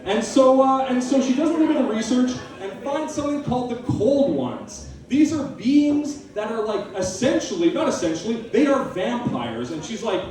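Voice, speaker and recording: A man's voice: extremely high pitch, big pitch swings, normal speed, hardly any pauses, darkish tone. A male stand-up comedian on stage at a live comedy venue, manic, profane and sardonic. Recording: echoey live room, from a distance.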